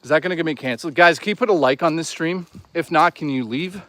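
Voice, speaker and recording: A man's voice: a little high, fast, a bit bright, no echo. A young man live-streaming as he walks outdoors in the woods, chatting in a crude, rambling, joking way. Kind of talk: casual live-stream chat while walking.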